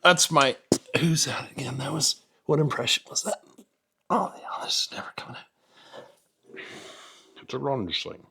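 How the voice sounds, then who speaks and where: A man's voice: medium pitch, lively intonation, a little slow, creaky, pauses often, bright, forceful tone, slightly rough, in a whisper. A middle-aged man in a garage, rambling and joking at his own expense while he mutters through a repair under an old vehicle. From Canada. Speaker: home mechanic host. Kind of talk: casual workshop vlog. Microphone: camera set up nearby.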